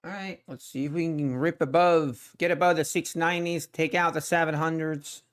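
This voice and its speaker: A man's voice: on the high side, fairly even intonation, moderate pace, fairly bright tone, clean tone. A man hosting a live day-trading stream, chatting casually with viewers and thinking aloud about the market, often trailing off and restarting. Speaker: day trading livestream host.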